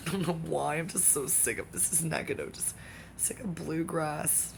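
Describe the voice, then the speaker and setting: A speaker delivering a rambling comic monologue that jumps between topics, with excitable outbursts and sudden drops into whispers. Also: medium pitch, moderate pace, gravelly, background noise.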